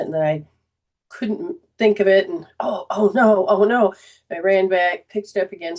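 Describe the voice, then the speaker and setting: A woman's voice: lowish voice, a little mellow. A middle-aged woman hosting a spiritual healing show, telling a personal story with feeling and choking up as she goes. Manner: emotional, chokes up and laughs through tears while telling a story. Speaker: host.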